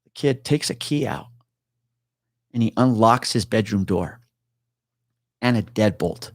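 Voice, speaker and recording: In a lowish voice and at a measured pace, a middle-aged man, once a police officer, casually shares a tense story in an interview. Animated and swearing, he acts out the voices of the people involved, with studio-quality sound and no echo.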